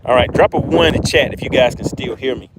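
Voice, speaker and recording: An excitable man hosting a live fishing stream from a boat on a windy lake, talking to his viewers and repeating his phrases. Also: medium pitch, quick pace.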